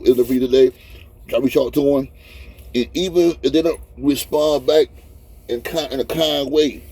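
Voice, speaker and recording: His voice is husky and dark at a medium pitch: a man in his fifties who drives trucks and vlogs, crying through a rambling, heartfelt talk from the cab. The casual, emotional chat finds him repeating himself.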